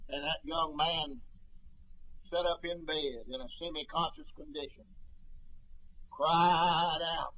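A middle-aged man preaching a fervent sermon, telling stories and swinging between hushed tones and loud cries. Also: on the high side, low-quality recording. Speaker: pastor.

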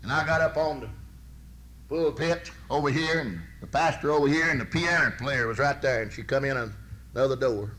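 A man preaching a sermon, telling folksy stories and swinging from loud bursts to soft, low asides. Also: normal speed, a little hiss or hum.

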